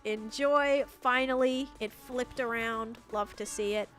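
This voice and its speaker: A woman's voice: on the high side, fairly even intonation, measured pace, few pauses, a bit bright, faint music behind. A woman with an Australian accent, live-streaming a building game and chatting casually with her viewers as she plays. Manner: chatty, talks to chat while building. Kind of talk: casual live-stream chat while playing.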